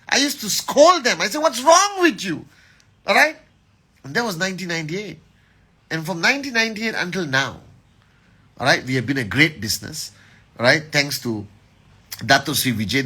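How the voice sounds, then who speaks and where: A man's voice: on the high side, sharp tone, husky. A middle-aged man giving a motivational live address as a company leader, emphatic and rallying, often checking in with "all right?".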